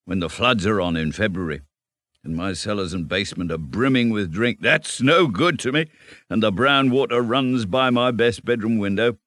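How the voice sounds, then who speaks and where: A man reading a storybook, voicing a cheerful, self-assured male water rat who talks briskly and chattily. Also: fairly low pitch, a bit bright, dry recording, pitched above the performer's own voice, lightly acted. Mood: chatty. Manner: brisk, chatty, lightly laughing.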